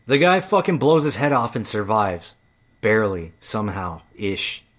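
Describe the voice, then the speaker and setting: A man's voice: fairly low pitch, very animated, moderate pace, a bit bright. A man telling stories in a casual, heated monologue, swearing often and getting worked up. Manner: profane, heated storytelling.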